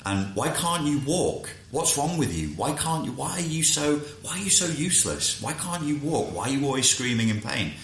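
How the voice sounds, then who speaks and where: A man voicing a cruel parent who shouts at a child in pain. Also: very animated, moderate pace, hardly any pauses, reverberant, a little hiss or hum. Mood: berating. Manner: harsh, berating, shrill.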